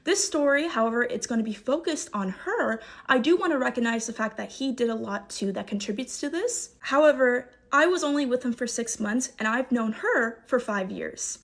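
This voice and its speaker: Composed woman, pointed storytime. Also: fairly high pitch. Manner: composed and pointed, addressing the person she is talking about. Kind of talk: casual storytime.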